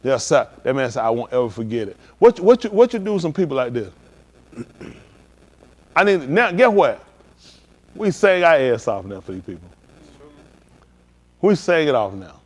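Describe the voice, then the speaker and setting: A man preaching a live-streamed sermon in loose, slangy street talk, animated and emphatic. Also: medium pitch, moderate pace, pauses often.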